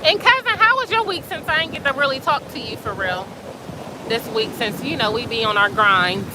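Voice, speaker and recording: A woman hosting a casual live stream outdoors by the sea at night, chatting and reading comments in an excitable, slangy way. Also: a little high, moderate pace. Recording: outdoor phone audio with surf and wind noise. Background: waves and wind.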